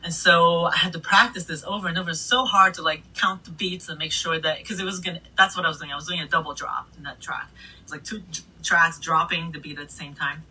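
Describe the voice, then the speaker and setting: A middle-aged woman DJ recounts her stories in an animated, casual way, cursing freely. Her voice is husky and breathy, and she sits a little back from the mic. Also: fairly low pitch, quick pace. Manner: animated, swears freely, laughs between stories. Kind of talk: casual storytelling interview. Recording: voice a bit distant from the mic.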